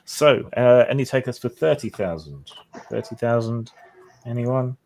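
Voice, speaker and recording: A man voicing a male auctioneer, calling out bids briskly and drawing out the count. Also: mid-range voice, animated, vocal fry, darkish tone, a little hiss or hum, pitched above the performer's own voice. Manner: brisk, drawn-out bid calling.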